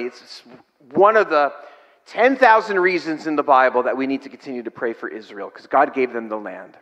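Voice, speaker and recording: A man's voice: medium pitch, lively intonation, a little fast, fairly bright tone. A middle-aged man preaching a sermon, reading scripture aloud and then explaining it in a plain, conversational way. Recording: long hall reverb.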